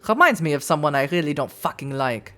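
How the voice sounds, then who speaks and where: A woman's voice: low-pitched, expressive, brisk, fairly bright tone. A woman voicing a sneering, contemptuous male vampire info broker in a put-on German accent, swearing and barking orders. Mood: scornful.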